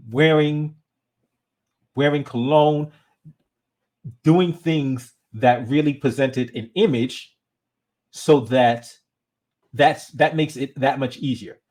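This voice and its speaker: A man hosting his own channel, giving casual commentary in a conversational, animated way and often restarting his sentences. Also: medium pitch, slow, long pauses. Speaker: channel host.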